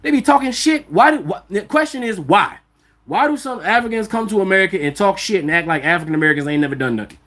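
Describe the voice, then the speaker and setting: A man's voice: high voice, quick pace. An outspoken man hosts a livestream and riffs loosely and bluntly, with plenty of swearing. He keeps turning to his viewers with rhetorical questions and builds his points with heat. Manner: animated, profane, rhetorical questions. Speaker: vlog host. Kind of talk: livestream commentary.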